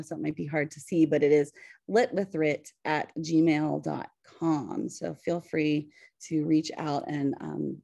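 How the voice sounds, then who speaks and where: Woman in her 40s, Pittsburgh accent, low gravelly mellow voice, hesitant teacher presenting over a video call. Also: no echo. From western Pennsylvania. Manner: hesitant, many fillers, nervous laughs. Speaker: high school English teacher presenting. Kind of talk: webinar presentation.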